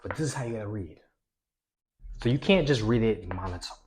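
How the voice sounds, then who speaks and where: Energetic low-voiced man coaching. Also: a little fast. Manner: energetic, swings between loud and hushed. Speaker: self-improvement coach. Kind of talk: instructional talk to camera.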